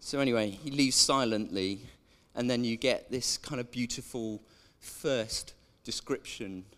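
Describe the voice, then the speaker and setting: A man's voice: medium pitch, measured pace, a bit bright. A man preaching a sermon in a chatty way, drawing in the congregation with questions. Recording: echoey church hall.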